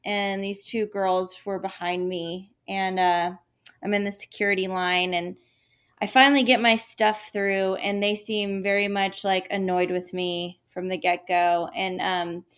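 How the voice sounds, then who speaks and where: A woman's voice: medium pitch, measured pace, clear, resonant tone. A young adult woman co-hosting a chat show, telling a story with many fillers and acted-out quotes. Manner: animated, lots of "like" fillers, acts out quotes. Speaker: podcast co-host.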